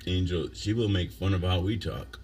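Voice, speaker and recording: A deep-voiced man hosts a casual livestream and reads viewer comments aloud. He rambles and thinks out loud between chuckles. A faint hum of noise sits behind his voice. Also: moderate pace.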